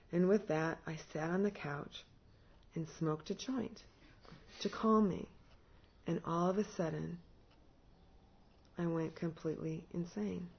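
A husky, slightly breathy woman tells a personal story, often laughing, her voice rising and getting louder when she quotes herself. The recording sounds dull and lo-fi, with the high end muffled.

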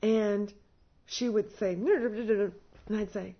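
A husky, slightly breathy woman tells a personal story, often laughing, her voice rising and getting louder when she quotes herself. The recording sounds dull and lo-fi, with the high end muffled. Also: a little slow, pauses often.

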